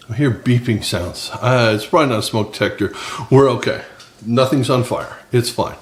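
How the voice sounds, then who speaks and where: A man's voice: medium pitch, fairly quick, reverberant. A man hosting a casual cooking vlog from his small home kitchen, chatting and joking with viewers. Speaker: cooking channel host. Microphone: several cameras on the counter.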